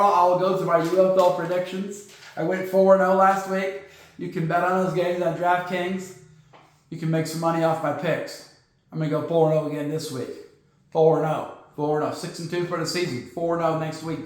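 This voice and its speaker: A man hosting a sports podcast, talking casually in an animated, sarcastic, joking way. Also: on the high side, moderate pace. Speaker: podcast host. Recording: very echoey room.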